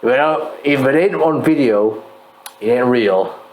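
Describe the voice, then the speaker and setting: A drunk man co-hosting a casual chat, tipsy and loud, swearing freely. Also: mid-range voice, a little slow, rough recording. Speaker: co-host reviewing painted miniatures.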